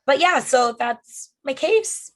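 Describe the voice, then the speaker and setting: A woman co-hosting a comedy podcast, with a high voice and an unhurried, drawn-out way of talking. She chats loosely, trailing off into fillers and dropping the odd swear word. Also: lively intonation, a bit bright. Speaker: podcast co-host. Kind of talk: casual comedic podcast chat.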